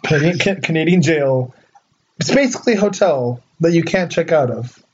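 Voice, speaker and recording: A man's voice: on the high side, lively intonation, moderate pace, breathy edge. A man co-hosting a podcast in casual chat, rambling with lots of filler words. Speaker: podcast co-host. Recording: muffled lo-fi recording.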